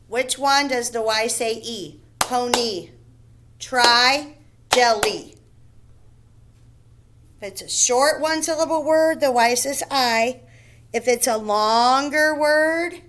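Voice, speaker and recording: A woman teaching first graders in a recorded phonics lesson, with a voice a little higher than most. She speaks slowly and deliberately, repeating each word and spelling it out letter by letter. She often checks in with "okay?" and "right?". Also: fairly bright tone.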